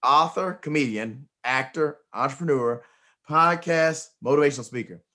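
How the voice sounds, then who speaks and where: Man, talk show host, emphatic, repeats his opening words, middle pitch. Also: normal speed, bright, forceful tone. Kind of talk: motivational interview chat.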